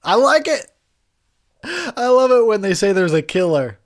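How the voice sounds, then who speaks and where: A drunk and high man giving a crude, rambling, giggly commentary over a movie he is watching. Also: very animated, a little slow.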